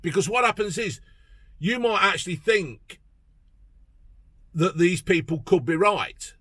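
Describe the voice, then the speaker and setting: A man's voice: high voice, lively intonation, unhurried, pushed and bright, husky, no room sound. Sweary man ranting. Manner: profane, blunt ranting with frequent swearing. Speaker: political vlogger. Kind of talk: casual ranting commentary.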